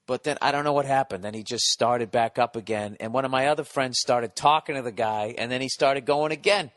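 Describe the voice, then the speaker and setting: A man telling a comic story as a podcast guest, animated, blunt and full of swearing. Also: medium pitch, fairly quick.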